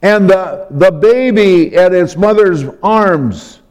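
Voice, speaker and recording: A man delivers a sermon at an unhurried, measured pace, his voice sitting a little above the usual pitch for a man. He explains his points deliberately and spells words out letter by letter. His voice trails off into the long reverb of a large hall. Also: a little mellow. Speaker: preacher.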